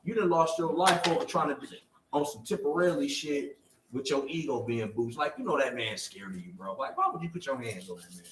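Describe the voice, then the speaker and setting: A young man with a fairly high voice tells a story on a casual podcast, switching into loud, lively impressions of the people in it. His voice sits a little away from the mic in a roomy, echoing space. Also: brisk, far from the mic, background noise. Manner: animated storyteller, acts out quoted voices loudly. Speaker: podcast co-host.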